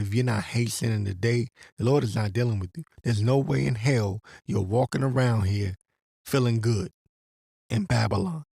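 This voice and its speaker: A man's voice: mid-range voice, creaky, darkish tone, slightly rough, no room sound, clean studio sound. A man giving a profane, rambling religious rant and reading scripture aloud. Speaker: religious commentator. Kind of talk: ranting monologue with scripture reading.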